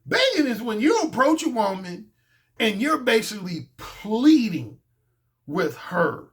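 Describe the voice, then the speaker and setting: A man's voice: sits high, very animated, a little slow. A man talking as a dating coach in a casual monologue, blunt, profane and boastful.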